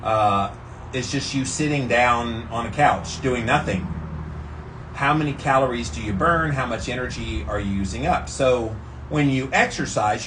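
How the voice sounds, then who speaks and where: An upbeat man chats to his viewers from an outdoor ice bath, stopping now and then to ask them a rhetorical question. His voice sits at an ordinary middle pitch, with a faint hiss of outdoor noise behind it. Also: a bit bright, low-quality recording. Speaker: health vlogger. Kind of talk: casual talk to camera while sitting in an ice bath.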